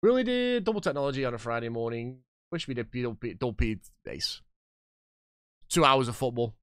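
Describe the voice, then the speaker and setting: Excitable man in his thirties. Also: medium pitch, a little fast, clean tone, no echo, studio quality. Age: 30s. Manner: excitable, chatty, reacting loudly to the match and chatting with viewers. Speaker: streamer playing a football management game. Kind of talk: live gameplay commentary and chat.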